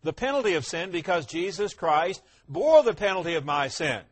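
High-voiced preaching man. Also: big pitch swings, moderate pace, husky. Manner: emphatic preaching with rhetorical questions, swinging between loud and quiet. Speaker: pastor. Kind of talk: sermon.

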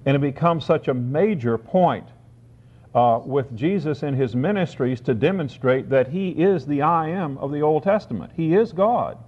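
A man giving a sermon, reading scripture aloud and explaining it, slowing down to stress key phrases. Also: a little high, animated. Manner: deliberate, slows for emphasis on key phrases. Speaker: preacher. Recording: dull lo-fi recording.

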